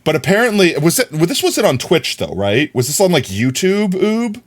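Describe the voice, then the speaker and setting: A young man livestreaming, chatting casually with his viewers and telling stories in an animated way. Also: a little high, normal speed. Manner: animated storyteller, often laughing.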